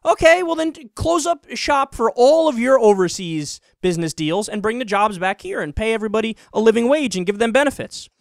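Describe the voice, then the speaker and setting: Male commentator with a high voice and a mocking, swearing rant, recorded dry. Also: expressive, fairly quick, vocal fry, few pauses, dry recording. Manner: sarcastic, mocking, profane rant. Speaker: political commentator. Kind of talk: online political commentary.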